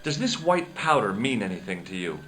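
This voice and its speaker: Wry adventurer hero. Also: male voice, fairly low pitch, sing-song, moderate pace, fairly bright tone, slight background noise. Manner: dry, wry narration and questioning. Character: wry young male adventurer posing as a doctor. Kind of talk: video game voice acting.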